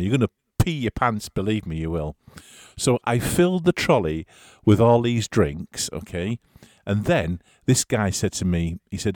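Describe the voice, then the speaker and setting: A man's voice: on the low side, darkish tone, no echo, studio quality. A man telling a rambling, chuckling anecdote in a casual way. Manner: chatty, chuckling, rambling storyteller.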